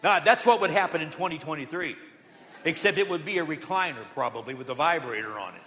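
A man preaching in a high, bright voice, moving between loud declarations and hushed asides as he tells stories. The sanctuary adds a long reverb to every word. He preaches like a pastor leading his congregation. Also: quick pace. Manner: storytelling with quoted voices. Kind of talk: sermon. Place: church sanctuary. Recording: long church hall reverb.

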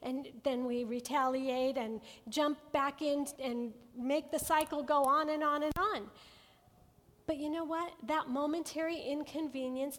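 A woman teaching a Bible study to a women's group in an earnest, gentle way, often checking in with her listeners. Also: high-pitched. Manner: asks the audience frequent check-in questions. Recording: long hall reverb.

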